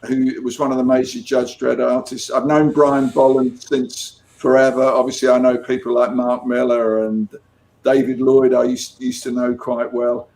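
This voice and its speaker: A man's voice: mid-range voice, flat delivery, normal speed, darkish tone. A man, a comics artist chatting casually as an interview guest, with many restarts. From England. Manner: chatty storyteller with frequent restarts.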